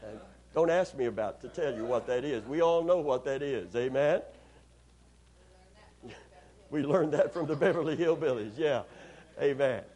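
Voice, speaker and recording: Folksy husky-voiced preacher man. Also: mid-range voice, normal speed, pauses often, darkish tone. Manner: folksy, joking, repeats words. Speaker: pastor. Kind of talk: sermon.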